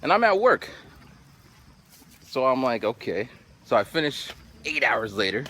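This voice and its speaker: A vlogger in his forties tells an animated story to the camera in a casual way, acting out what people said and repeatedly returning to "so then." His voice is mid-range and a little slow.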